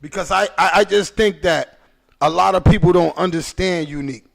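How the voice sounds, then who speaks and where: A man's voice: sits high, normal speed, creaky. A man hosting a casual podcast who rambles emphatically and swears freely. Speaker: podcast host. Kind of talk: casual chat.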